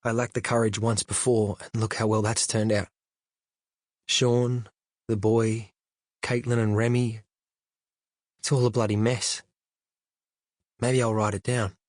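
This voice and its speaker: A man reading a literary novel aloud in the first person, reflective and measured, at a close studio microphone. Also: fairly low pitch, little pitch movement, no room sound. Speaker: audiobook narrator.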